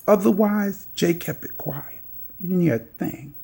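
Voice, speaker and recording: A woman's voice: on the low side, unhurried, gravelly, mellow, slightly rough. A woman vlogger calling out another vlogger in a sassy, scolding, teasing way.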